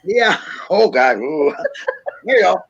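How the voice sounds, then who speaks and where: A woman's voice: fairly low pitch, very animated, slow, vocal fry, breathy edge, dry recording, lo-fi sound. A middle-aged woman with a Minnesota accent hosting a casual livestream chat. She is chatty and laughs often. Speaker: livestream host.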